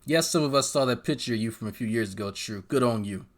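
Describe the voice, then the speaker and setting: A man's voice: mid-range voice, fast. A man from New Jersey giving a crude, sarcastic commentary monologue as a YouTube host.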